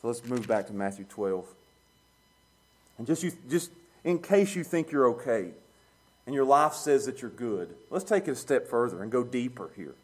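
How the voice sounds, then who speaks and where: A man preaching a sermon, plain-spoken and chuckling, swinging from quiet low musing to loud emphatic peaks. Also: expressive, moderate pace. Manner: plain-spoken, uses street talk and chuckles.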